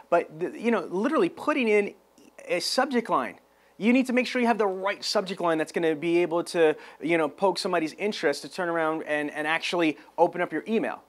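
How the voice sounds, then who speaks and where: A man coaching salespeople with a pumped-up, motivational energy that keeps building. His voice sits high, and he breaks into excited whoops. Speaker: sales trainer. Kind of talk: motivational sales training talk.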